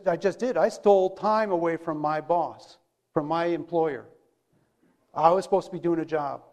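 High-voiced man preaching conversationally. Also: a little mellow. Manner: conversational, asks rhetorical questions. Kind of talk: sermon.

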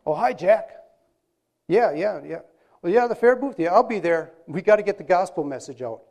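A man's voice: high-pitched, very animated, quick pace, vocal fry, darkish tone, heavily acted. A man voicing a two-faced churchgoing husband in a sermon scenario, sounding breezy and cheerful. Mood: cheery.

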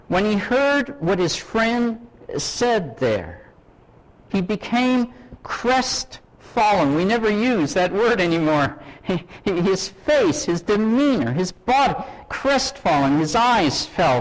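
A man's voice: high voice, rough recording. A middle-aged man from Canada preaching a sermon, telling stories with acted dialogue and asking his listeners questions. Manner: animated, acts out dialogue, asks audience questions. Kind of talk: sermon storytelling.

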